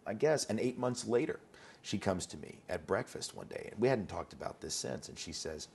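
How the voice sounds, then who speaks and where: A man's voice: fairly low pitch, expressive, normal speed, gravelly, darkish tone, husky. A man being interviewed as an educator, talking conversationally and telling anecdotes, often repeating words as he starts a thought.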